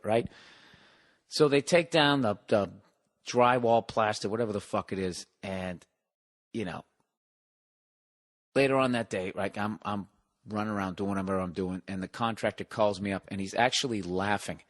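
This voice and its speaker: A comedian hosting a podcast, telling a long profane story in a casual monologue, exasperated and sarcastic. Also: male voice, on the low side, normal speed, pauses often.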